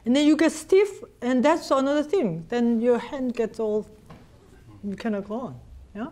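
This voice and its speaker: A woman teaching a cello master class, coaching a student directly in halting phrasing and singing passages on syllables to show them. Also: high voice, animated, darkish tone. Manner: sings phrases on syllables to demonstrate.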